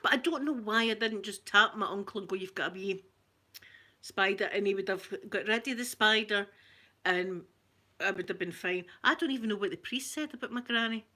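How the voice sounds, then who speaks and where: A Scottish woman hosting her channel, telling a story in an animated, chatty way that keeps breaking into laughter. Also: mid-range voice, a little fast. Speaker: ASMR channel host. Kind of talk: casual storytelling.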